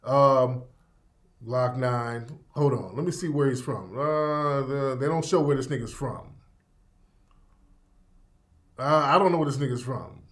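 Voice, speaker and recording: A man's voice: mid-range voice, unhurried, long pauses, fairly bright tone. A man hosting a radio show in casual livestream commentary, rambling and profane, repeating himself and reacting to chat.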